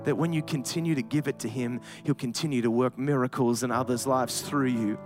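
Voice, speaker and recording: A man preaching a sermon to a congregation, telling a personal story and building up to loud, emphatic preaching. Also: mid-range voice, fairly even intonation, a little fast, over music.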